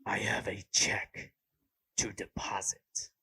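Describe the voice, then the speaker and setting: A man putting on a gravelly, breathy, near-whispered caped-hero voice, slow and exaggeratedly serious. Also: fairly low pitch, completely flat delivery, sharp tone, exaggerated voice. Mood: brooding.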